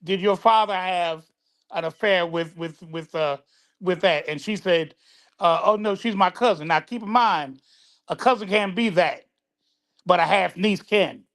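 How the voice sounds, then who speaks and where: A man's voice: high-pitched, a little slow, fairly bright tone. Stammering man explaining family ties. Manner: stammering, repeats words while explaining. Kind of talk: casual reaction talk.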